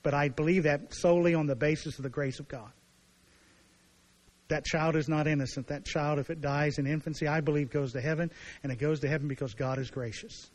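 A pastor preaching a sermon, explaining scripture with lively acted-out dialogue and asides. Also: male voice, a little high, brisk, rough recording. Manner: animated preaching, acting out voices of biblical figures.

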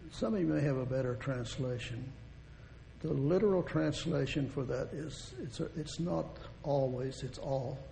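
A man's voice: creaky, dark tone. A man preaching a sermon in a folksy, rambling way, restarting phrases and chuckling as he goes. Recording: long hall reverb, faint rumble.

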